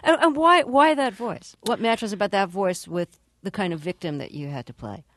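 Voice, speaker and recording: A woman's voice: medium pitch, expressive, normal speed, fairly bright tone, no echo. A woman hosting a radio interview, asking curious, conversational questions.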